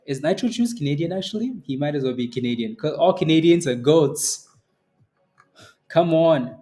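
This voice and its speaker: Over soft background music, a young adult man hosts a live stock trading stream, reading the chat in a fairly high, expressive, dark-toned voice at a moderate pace. He chats casually, teases his viewers, repeats phrases and laughs often.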